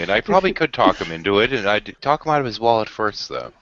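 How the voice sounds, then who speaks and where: A man's voice: lowish voice, big pitch swings, fast, vocal fry, fairly bright tone, dry recording, highs cut off. A man hosting a casual group chat show, blunt, joking and profane. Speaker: podcast host.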